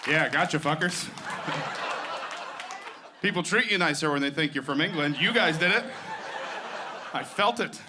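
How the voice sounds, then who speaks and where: A man's voice: fairly high pitch, normal speed, long pauses, a loud crowd. Profane, self-deprecating male stand-up comic. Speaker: stand-up comedian. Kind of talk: stand-up set. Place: comedy club stage. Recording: live set with clear background noise.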